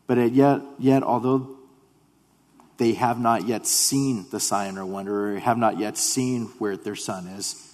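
A man preaching a sermon in an earnest way, repeating himself and dropping to a hush when he voices quoted prayers. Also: fairly low pitch, steady tone, a little slow. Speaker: pastor. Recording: long hall reverb.

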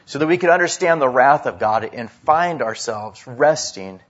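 A man preaching a sermon, swinging between loud emphasis and hushed drops. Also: medium pitch, expressive, normal speed, highs cut off. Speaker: pastor.

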